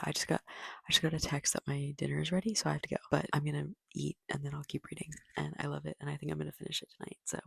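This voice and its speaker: A young woman with a low, flat voice, gravelly with fry and a husky edge, gushing and rambling about her reading at home. She talks in loose, excited run-on sentences full of filler, like a casual vlog to her viewers. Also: a little fast. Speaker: booktuber.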